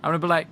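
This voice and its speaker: A man's voice: mid-range voice, a bit bright, slight background noise. A male game streamer in casual livestream chat, joking and chatty as he reads chat aloud.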